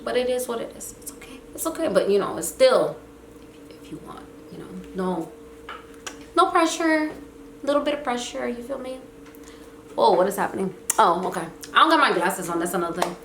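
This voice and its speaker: A young woman vlogger telling a casual storytime, animated and slangy, acting out what people said. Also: fairly high pitch, brisk, slight background noise. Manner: animated, slangy, acts out quotes. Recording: echoey room with faint ambience.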